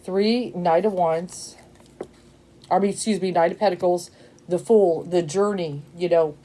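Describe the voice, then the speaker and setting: A woman does a casual tarot reading straight to camera, emotional and excitable, rambling through lots of fillers and checking in with "okay?" again and again. Her voice is lowish and unhurried, with a faint hiss or hum underneath.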